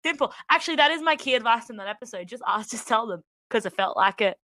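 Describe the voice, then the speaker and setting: Australian woman, bright, casual podcast chat. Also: a little high, expressive, quick pace, no echo. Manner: laughs often, swears, acts out quoted people. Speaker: podcast co-host.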